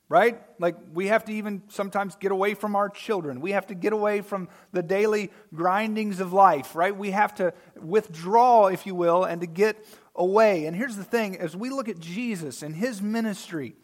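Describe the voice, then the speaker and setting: High-voiced man preaching conversationally. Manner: conversational preaching, keeps checking in with listeners; swings between loud emphatic lines and quiet asides. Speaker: pastor. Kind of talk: sermon.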